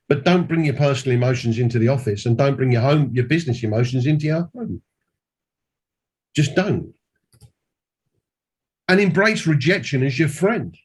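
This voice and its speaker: Husky guy mentoring on a call, pushy and emphatic, says things twice. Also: on the high side. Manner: emphatic, repeats key points. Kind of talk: mentoring talk. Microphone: call audio.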